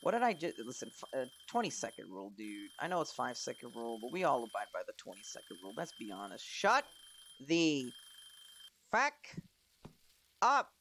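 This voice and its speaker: A man's voice: mid-range voice, very animated, quick pace, vocal fry, few pauses, slight background noise. A young man giving casual let's-play commentary, chatty, swearing and talking to himself as he plays. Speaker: gaming commentator.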